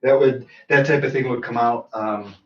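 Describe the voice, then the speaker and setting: A man co-hosts a podcast in easygoing, halting chat full of small fillers. He sits back from the mic in an echoey room, and the sound is a little dull. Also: medium pitch, fairly even intonation, far from the mic. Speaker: podcast co-host.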